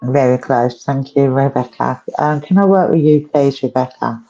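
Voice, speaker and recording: A woman working as a medium, giving a live reading in halting, repetitive phrases and gentle questions to the sitter. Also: extremely low pitch, lo-fi sound, soft background music. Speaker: psychic medium.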